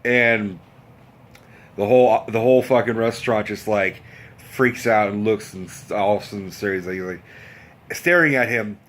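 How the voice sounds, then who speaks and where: A man's voice: lowish voice, moderate pace, fairly bright tone. A man in a casual vlog rant, telling a story in a rambling, profane way with many restarts. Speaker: vlogger.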